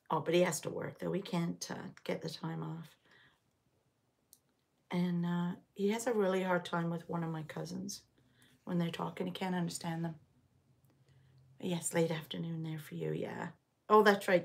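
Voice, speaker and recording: A middle-aged woman from the Liverpool area of England runs a knitting channel and hosts a casual live stitch-along chat from home, rambling and answering viewers as she goes. Her voice sits lowish, creaky, with a breathy edge.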